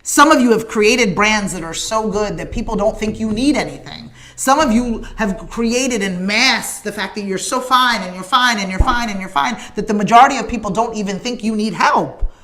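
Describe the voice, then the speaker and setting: A woman's voice: mid-range voice, normal speed, hardly any pauses, fairly bright tone. A woman hosting a morning show, giving an emphatic, preacher-like motivational message with conversational asides.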